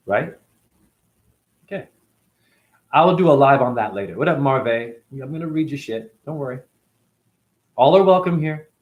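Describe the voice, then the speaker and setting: A man's voice: mid-range voice, lively intonation, moderate pace, long pauses, phone-quality sound. A man hosting a casual livestream, reading viewer comments aloud and rambling in loose, slangy talk.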